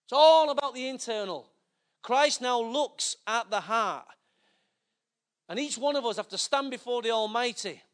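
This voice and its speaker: Very high-voiced man preaching. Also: fairly bright tone. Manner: conversational, joking preaching with asides to the audience. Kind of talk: sermon.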